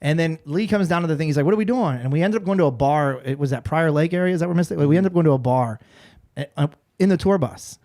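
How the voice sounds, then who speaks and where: A man in his forties, a podcast guest and former radio personality, telling a story in a casual, animated way with frequent restarts. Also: a little high, fast.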